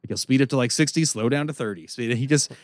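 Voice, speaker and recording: A man telling a long story as a podcast co-host, profane and animated, laughing often. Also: mid-range voice, fast, no echo. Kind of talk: casual storytelling chat.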